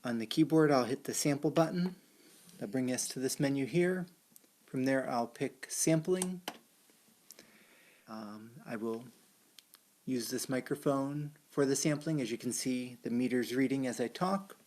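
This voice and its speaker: A man's voice: medium pitch, measured pace, darkish tone, no echo. A man presenting at a tech talk, explaining a keyboard sampling demonstration step by step. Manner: explains step by step while working a keyboard and screen. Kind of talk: live technical demonstration.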